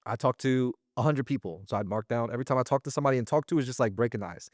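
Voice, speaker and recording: A man's voice: mid-range voice, rapid-fire, no echo. Slangy man, casual and dry-sounding. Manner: slangy and animated, often acting out little quoted exchanges. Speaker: guest, sales business owner. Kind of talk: casual interview talk.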